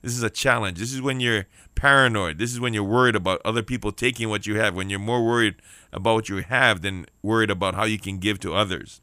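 A man's voice: on the low side, fast talker, pushed and bright, no room sound, studio quality. A man preaching a sermon on the radio, emphatic, repeating key lines and calling out for amens. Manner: emphatic preaching with repeated phrases and call-outs for amen.

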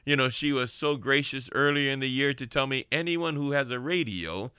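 A fervent man delivers a radio sermon, his voice bright and forceful. He builds his points through rhetorical repetition, and the sound is close and dry with no room behind it. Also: mid-range voice, moderate pace, clean tone, no room sound. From Hawaii. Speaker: radio preacher and prison minister. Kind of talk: radio sermon and shout-outs.

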